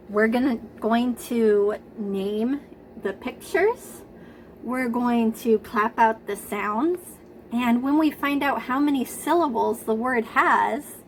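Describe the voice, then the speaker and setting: A woman teaching a preschool class, speaking gently and encouragingly, stretching out words for the children to clap along. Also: fairly high pitch, slight background noise, low-quality recording. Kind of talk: slow, sing-song lesson for young children.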